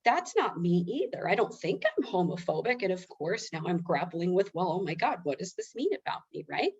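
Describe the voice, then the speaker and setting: A woman's voice: fairly low pitch, very animated, brisk, a little mellow, breathy edge. A woman presenting in a webinar, telling a personal story in a candid, self-mocking, conversational way. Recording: slightly dull lo-fi webinar audio.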